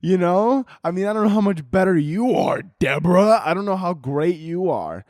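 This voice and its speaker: A man's voice: high-pitched, lively intonation, moderate pace, a little mellow, dry recording, studio quality. A man in his twenties hosting a casual solo podcast, rambling and swearing, with a lot of filler words, and laughing at his own jokes. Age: 20s. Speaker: podcast host.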